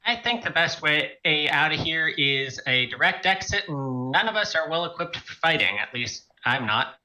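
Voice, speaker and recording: A man's voice: a little high, lively intonation, moderate pace, bright, forceful tone, low-quality recording. A man playing a tabletop game, talking casually and decisively, taking charge. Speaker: player. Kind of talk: in-character tabletop game talk.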